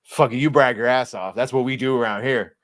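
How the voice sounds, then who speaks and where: A man's voice: mid-range voice, fairly even intonation, fairly quick, a bit bright, no echo, clean studio sound. A man co-hosting a podcast in casual chat, profane, rambling and sarcastic. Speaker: podcast co-host.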